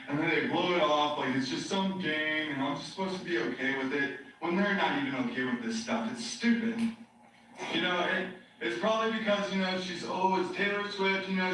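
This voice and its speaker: An agitated man with a fairly high voice rambles on, circling back and stacking fillers as he rants. His recording sounds distant and heavily echoey, played back in a large room. A faint hiss sits underneath. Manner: agitated, ranting, repeats himself with many fillers. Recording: very echoey playback heard from far off.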